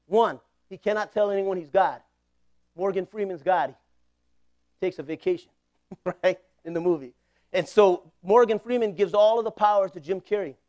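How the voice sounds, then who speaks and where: High-voiced impassioned preacher man. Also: normal speed, darkish tone. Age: 40s. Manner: impassioned preaching with call-and-response. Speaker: pastor. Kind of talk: sermon.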